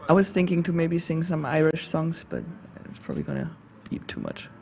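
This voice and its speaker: German female co-caller for poker, playful and quick to laugh. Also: deep voice, huge pitch swings, creaky, warm tone, a little hiss or hum. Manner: giggly, chatty banter. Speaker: poker co-commentator. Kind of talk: live poker commentary.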